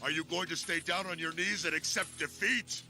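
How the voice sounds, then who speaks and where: A man voicing a calm, menacing villain in a cartoon dub, cold and taunting. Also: fairly high pitch, normal speed. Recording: dub audio with music underneath.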